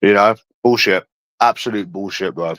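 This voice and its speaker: A man's voice: lowish voice, normal speed, fairly bright tone, no room sound, poor audio. A man ranting casually on a livestream, blunt and profane, talking straight to a viewer in chat. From England. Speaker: livestream host.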